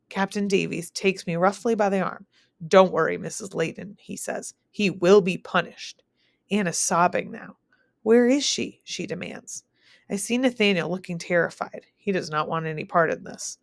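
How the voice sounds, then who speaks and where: A woman teacher reads a novel aloud in the first person, keeping a steady, even pace with the odd slip. Her voice sits a bit low for a woman, and the recording is dry and close, with no room sound. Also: no echo.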